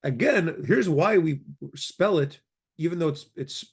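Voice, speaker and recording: A man teaching a casual grammar lesson. He explains in a relaxed way and slowly repeats each word form. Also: a little high, slightly rough. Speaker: language teacher.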